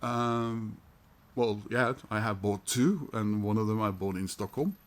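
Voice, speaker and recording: A man's voice: on the low side, unhurried. A middle-aged man, chatting casually about records he bought, hesitant and full of fillers. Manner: hesitant, many fillers and restarts, chuckles. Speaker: record collector vlogger. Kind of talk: casual record haul chat.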